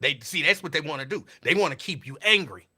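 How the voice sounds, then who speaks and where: Bright, lively-voiced man riffing sarcastically. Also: a little high, fast talker, husky. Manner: preachy, repetitive, sarcastic. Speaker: host. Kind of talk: casual commentary.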